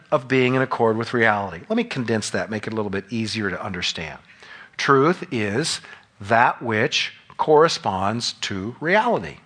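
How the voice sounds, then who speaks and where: Forceful and bright, a mid-range male voice delivers an expository sermon. The pastor reads passages of scripture aloud, works through them verse by verse and occasionally dramatizes what's happening.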